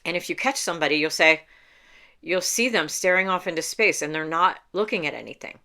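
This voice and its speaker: Low, smooth-voiced woman meditation coach. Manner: calm, unhurried, explains step by step with small laughs. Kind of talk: instructional talk to camera.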